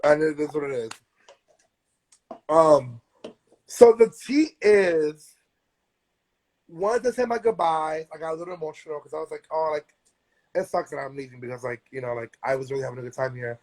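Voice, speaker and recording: Young man, slightly high voice, chatty slangy storyteller on a phone live stream. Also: normal speed, long pauses, darkish tone. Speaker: drag performer hosting a live stream. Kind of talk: casual live-stream chat.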